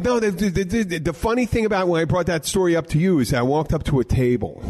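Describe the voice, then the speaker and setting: A man hosting a casual bar-talk podcast. He tells stories in an animated, rambling way and often restarts his sentences. His voice sits at a middling pitch. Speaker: podcast host and bartender.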